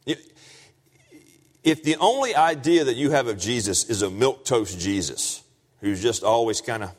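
A man preaching a sermon, dropping low and quiet, then rising loud and high for emphasis. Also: expressive, normal speed, breathy edge. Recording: long reverb of a large hall.

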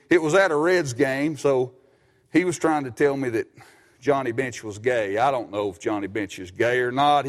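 High-voiced preacher in a reverberant hall. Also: male voice. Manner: folksy, animated preaching with many restarts and quoted voices. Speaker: pastor. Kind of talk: sermon. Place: church sanctuary.

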